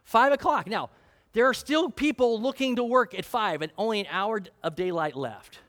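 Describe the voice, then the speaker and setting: A man's voice: high-pitched, animated, moderate pace, a bit bright. A man preaching a sermon in a conversational way, often asking his congregation questions. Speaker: pastor.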